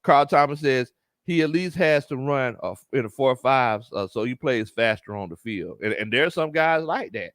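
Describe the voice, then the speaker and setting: Man, sports stream host, animated delivery, dry close mic. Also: medium pitch, normal speed, no room sound. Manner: laughs often, Southern slang, animated reactions. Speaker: sports show host and coach. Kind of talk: casual livestream chat reading comments.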